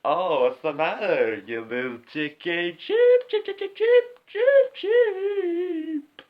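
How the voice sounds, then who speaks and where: A woman's voice: sits high, lively intonation, slow pace, phone-quality sound. A woman doing an impression of an eccentric, defensive male filmmaker, speaking in broken grammar with stammers and mocking chicken clucks. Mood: taunting. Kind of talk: comedy sketch impression.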